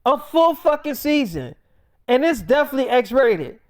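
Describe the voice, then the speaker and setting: A man putting on a furious jealous young wife who scolds her husband, swears hard and pushes her voice up high and loud. The sound is close and dry, with no room around it. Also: big pitch swings, moderate pace, dry recording. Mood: angry scolding. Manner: swearing, accusing, raised voice.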